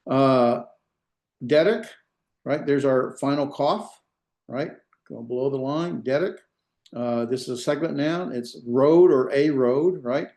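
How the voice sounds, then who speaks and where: A male instructor lecturing to an online class at a medium pitch. He explains patiently and keeps checking in with his students by asking "right?" His voice carries the roomy echo of a hard-walled space. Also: takes it slowly, a little mellow.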